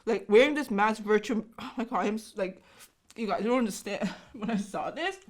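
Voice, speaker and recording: A woman's voice: mid-range voice, normal speed, a little hiss or hum. A woman in her thirties, a native Korean speaker, giving an emotional, gushing reaction commentary full of fillers. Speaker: YouTube host.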